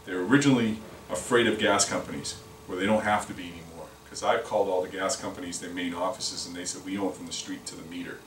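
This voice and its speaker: This low-pitched, fairly bright male voice belongs to a sales representative talking fast and steadily, barely pausing, as he runs a product training session over lunch in a meeting room. His delivery wanders, full of repeated words and false starts. Captured from afar in an echoey room, the audio carries faint noise.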